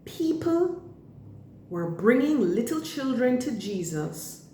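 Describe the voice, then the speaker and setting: A woman leading a church school lesson for children, speaking slowly and deliberately in simple words. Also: a little high, big pitch swings, warm tone, roomy sound, slight background noise.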